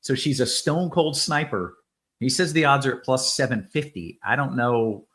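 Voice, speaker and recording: A man's voice: medium pitch, moderate pace, fairly bright tone. A man hosting a casual fantasy sports show, reading promos and chat questions in an upbeat, easygoing way. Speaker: host.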